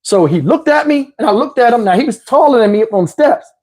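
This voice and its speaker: A man with a husky, slightly rough voice spins a casual personal story straight to his audience. His delivery is loose, streetwise and peppered with profanity, like talking to friends. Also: very high-pitched, expressive, a little fast, darkish tone. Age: adult, looking back on his youth. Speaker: channel host telling a personal story.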